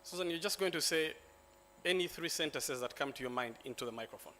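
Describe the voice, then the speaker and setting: A Ugandan man, a lawyer, giving a joking, relaxed talk at a conference. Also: a little high, fast talker, slight background noise. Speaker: lawyer and speaker. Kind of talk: symposium presentation. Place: conference hall.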